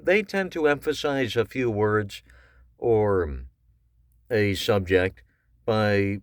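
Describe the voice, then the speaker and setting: Man, slow deliberate voice coach, casual tips, sudden pitch jumps, dry close mic. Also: no room sound. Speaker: voice acting coach. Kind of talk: casual spoken tips to camera.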